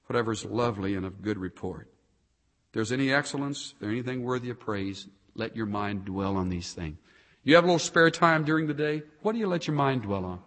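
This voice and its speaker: A man preaching a sermon, swinging between loud, emphatic passages and soft, quiet asides. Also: mid-range voice, big-room sound.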